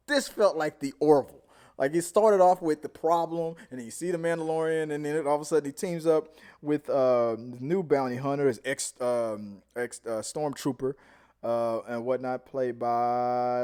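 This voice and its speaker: A man hosting a casual live-stream review, rambling and animated, often trailing off into mumbles. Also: medium pitch, moderate pace, clean tone. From Houston, Texas area. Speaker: show host.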